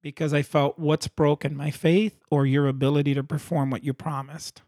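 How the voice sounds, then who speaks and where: Guy with a slightly high voice telling his healing story, earnest, acts out the back and forth. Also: moderate pace. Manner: animated storyteller who acts out his prayers and God's replies. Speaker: guest sharing a faith testimony. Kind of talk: earnest conversational testimony.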